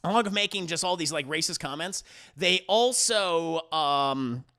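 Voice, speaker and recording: A young man tells a movie's story to his livestream chat with big animated swings in his voice and a bright, ringing tone. He is profane and laughs loudly at his own jokes. He keeps slipping into quick impressions of the characters. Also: fairly high pitch. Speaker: movie reviewer.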